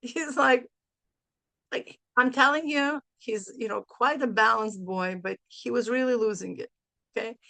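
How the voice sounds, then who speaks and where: A middle-aged woman tells a story to a group, acting out both sides of a phone call with lively voices. Her voice is bright and sharp with a gravelly edge, recorded close and dry. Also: fairly high pitch, a little slow, dry recording. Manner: sprinkles in Hebrew and Yiddish phrases. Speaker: mastermind group leader.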